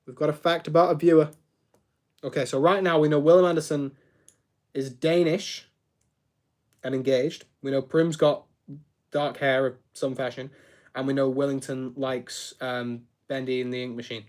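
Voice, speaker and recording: A man's voice: medium pitch, steady tone, normal speed, long pauses, darkish tone. A young man chatting casually on a live stream while he builds, rambling, reacting to chat and tripping over his words.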